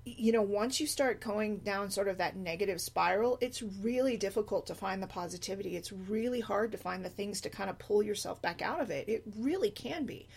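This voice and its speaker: A woman's voice: mid-range voice, a little fast, vocal fry, hardly any pauses, slightly rough. A middle-aged woman, a single mother, talking casually in a rambling monologue, often slipping into quoted voices. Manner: chatty, animated asides and quoted voices. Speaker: blogger, single mom.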